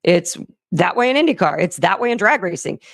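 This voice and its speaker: A woman co-hosting a casual motorsports radio talk show, lively and agreeable. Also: on the low side, fairly quick, no echo, studio quality.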